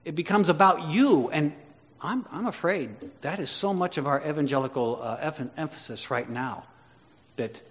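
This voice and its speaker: A man preaching a sermon to his congregation, swinging between loud emphatic lines and quiet conversational asides with questions to the listeners. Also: on the high side, lively intonation, moderate pace. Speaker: pastor. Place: church. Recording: long reverb of a large hall.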